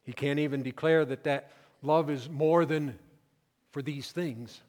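A male pastor preaching a sermon, swinging between loud emphatic declarations and quiet asides. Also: on the high side, steady tone, a little slow, in a large hall.

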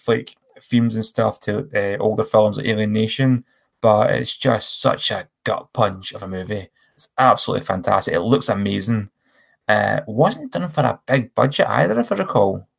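Gravelly man chatting films. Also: lowish voice. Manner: enthusiastic, rambling, self-correcting. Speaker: podcast co-host. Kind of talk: casual film chat.

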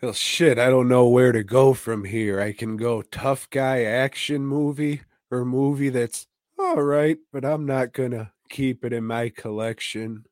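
A man co-hosting a podcast, telling a movie's story in a wry, profane, unhurried way. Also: mid-range voice, fairly even intonation, a little mellow, no room sound, clean studio sound. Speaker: podcast co-host. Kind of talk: casual movie review chat.

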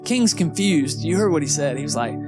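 A man's voice: on the high side, animated, fairly quick. A man preaching a sermon in a church in a casual, conversational way, peppering his talk with "man" and "okay". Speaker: pastor. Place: church sanctuary. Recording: live church recording with loud guitar behind. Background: soft guitar music.

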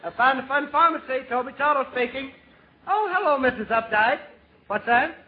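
An actor playing a joking small-town pharmacist in 1940s radio comedy. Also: male voice, extremely high pitch. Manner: joking, quick punchlines. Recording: tinny 1940s radio recording with hiss.

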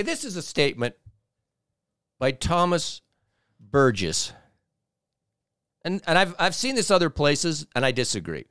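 A man's voice: a little high, a bit bright, clear, resonant tone, dry recording, clean studio sound. A man co-hosting a casual sports talk show, reading listener comments aloud and bluntly joking about them.

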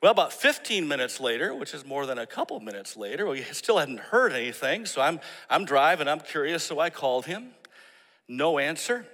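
A man preaching a sermon, telling a story and acting out the people in it with animated emphasis. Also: fairly high pitch, moderate pace, long reverb tail. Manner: storytelling, animated when quoting others. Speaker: pastor.

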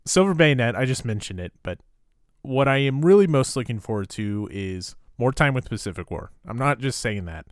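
A man's voice: mid-range voice, expressive, normal speed, dry recording, studio quality. A man co-hosting a podcast in casual chat, talking loosely with many fillers and restarts. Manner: chatty, lots of fillers and restarts. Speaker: podcast co-host.

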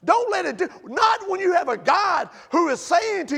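A middle-aged man preaching a sermon in a church sanctuary, swinging from impassioned near-shouting to hushed pleading. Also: very high voice, sing-song, normal speed, vocal fry, hardly any pauses. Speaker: pastor.

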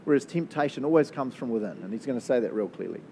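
Male pastor, New Zealand accent, mellow-toned, lively and conversational sermon delivery, faint rumble in the background. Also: poor audio. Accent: New Zealand English. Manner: animated, chatty, quick to laugh. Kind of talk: sermon with prayer.

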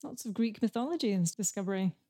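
Mellow-voiced woman chiming in. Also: medium pitch, quick pace. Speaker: podcast co-host. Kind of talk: casual chat.

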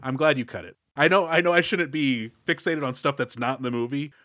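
A man's voice: medium pitch, a little fast, sharp tone, no room sound, studio quality. Man co-hosting a podcast, recapping plots. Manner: summarizes plots, explains his theories. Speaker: podcast co-host. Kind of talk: casual movie discussion.

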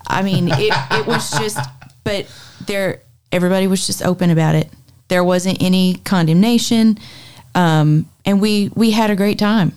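A woman's voice: medium pitch, moderate pace, a little mellow, clear, resonant tone. A woman, a podcast co-host telling a story in casual chat, often repeating words. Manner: chatty, repeats words as she recounts.

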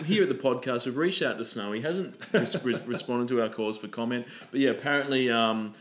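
A man's voice: medium pitch, brisk, fairly bright tone, roomy sound. A man co-hosting a podcast in casual chat, sarcastic and sweary, rambling with fillers. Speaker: podcast co-host.

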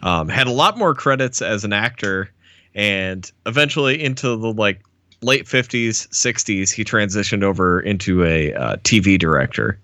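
A man with a low voice that has a bright, forceful edge, co-hosting a podcast. He talks in an easygoing way, laughs often and hesitates with "uh". The recording is dry and close. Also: expressive, moderate pace, no echo. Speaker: podcast co-host. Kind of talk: casual chat.

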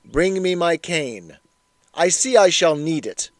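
Cruel older schoolmaster, bearded and menacing, with a somewhat high, mocking voice, done by a male narrator. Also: very animated, normal speed, darkish tone, dry recording. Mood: cold menace.

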